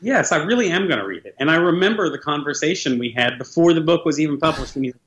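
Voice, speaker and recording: A man's voice: on the high side, animated, quick pace, fairly bright tone. A man co-hosting a casual podcast, teasing his partner with dry humor. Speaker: podcast co-host.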